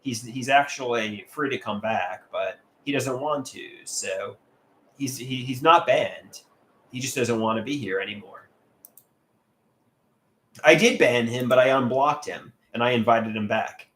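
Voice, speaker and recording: A man's voice: mid-range voice, unhurried, fairly bright tone, a little hiss or hum. A man doing a casual livestream, sharing artwork and reading viewer comments aloud in a candid, plain way.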